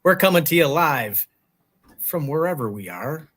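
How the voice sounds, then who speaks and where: A man's voice: fairly high pitch, lively intonation, moderate pace, fairly bright tone. A man co-hosting a live chat show, joking and giving showy introductions. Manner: jokey, theatrical introductions. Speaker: co-host. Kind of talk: casual livestream banter.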